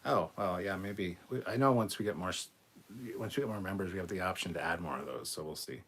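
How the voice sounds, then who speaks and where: Low-voiced and fast, with a fairly bright tone, this livestream host reads out viewer chat and responds bluntly and casually, swearing now and then. There's slight background noise.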